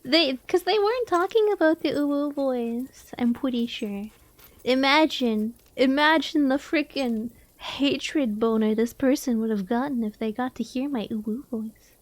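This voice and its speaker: A woman's voice: sits high, a little slow, dry recording. A young woman streaming a game live, chatting casually, laughing often and answering her chat.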